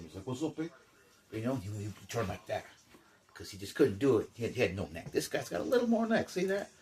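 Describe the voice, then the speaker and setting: An older man talks his way through unboxing a toy in a loose, chatty way. He wanders off into jokey asides and keeps circling back. His voice sits a little low. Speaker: toy collector. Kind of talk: casual unboxing vlog.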